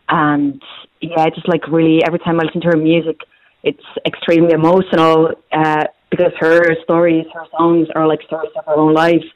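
A woman's voice: low voice, lo-fi sound. A young woman in her twenties calling in to a radio show, talking casually and a little hesitantly. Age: 20s. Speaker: caller. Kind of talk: casual phone-in chat.

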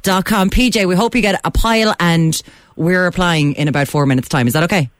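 A woman's voice: fairly low pitch, fairly quick, no room sound, clean studio sound. Playful woman radio host. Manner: playful, teasing. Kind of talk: casual radio interview.

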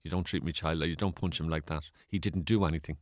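An Irish man voicing his fierce, protective mother in a stern, low, clipped way. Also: steady tone, quick pace, no echo, studio quality.

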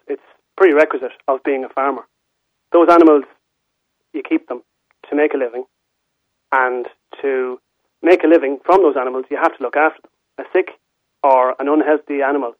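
A man's voice: a little high, dry recording. A man with an Irish accent, a farmer calling in to a radio show, explaining his point steadily and earnestly over the phone. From Ireland. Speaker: dairy and meat farmer calling in. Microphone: telephone. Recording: tinny phone line.

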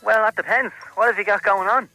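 A cheeky, breezy salon receptionist, played by a man with a high, very bright voice, calling everyone love and hun. Faint music sits under the voice. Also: fairly even intonation, brisk, no room sound, exaggerated voice, poor audio. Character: chatty camp male salon receptionist. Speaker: prank caller playing a salon receptionist.

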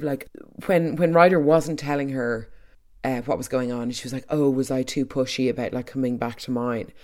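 Chatty soap recap host. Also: medium pitch. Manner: chatty, opinionated, quick asides and restarts. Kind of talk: casual chat.

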